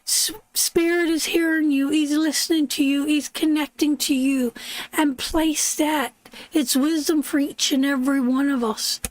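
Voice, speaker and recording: Slow-talking soothing woman tarot reader. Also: high-pitched, steady tone, low-quality recording. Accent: Canadian. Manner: slow, soothing, calls viewers sweetheart. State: congested, sleep-deprived. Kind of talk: live-stream tarot reading.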